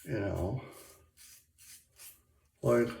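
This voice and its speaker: A man from Michigan chats in a loose, meandering way, full of fillers and restarts. He talks slowly in a lowish voice. The bathroom sounds echoey, with a faint trickle of tap water behind him. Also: vocal fry, warm tone. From Michigan, USA. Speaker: shaving vlogger. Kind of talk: rambling casual chat.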